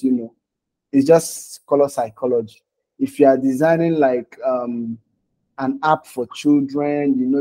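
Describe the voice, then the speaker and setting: A man leads a live online design class in a loose, conversational way. His voice is mellow and warm and sits at a middle pitch. He talks his way through each step on screen and keeps asking his students "okay?" and "right?" as he goes. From Nigeria. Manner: casual, talks while clicking through screens, frequent "okay?" and "right?" check-ins. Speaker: design instructor.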